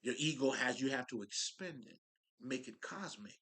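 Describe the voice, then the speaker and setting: A man with a bright, forward voice talks through spiritual ideas in a loose, street-slang monologue. He circles back on his words, restarts sentences and swears casually as he works his point out. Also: mid-range voice, animated, normal speed. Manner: loose, profane street talk, restarts and laughs. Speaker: spiritual speaker.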